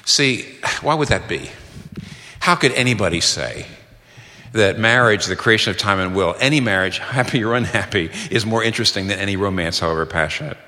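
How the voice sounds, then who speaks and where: A man's voice: lowish voice, expressive, brisk, pushed and bright. A middle-aged man preaching a sermon in an earnest, emphatic way, quoting sources and repeating key phrases for stress. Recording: long hall reverb.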